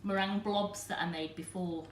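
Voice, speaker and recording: Woman, mid pitch, talks viewers through a live cooking demo in an echoey kitchen with faint background hum. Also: fairly even intonation, brisk. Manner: chatty, explains step by step to viewers. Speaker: cooking demonstrator and host.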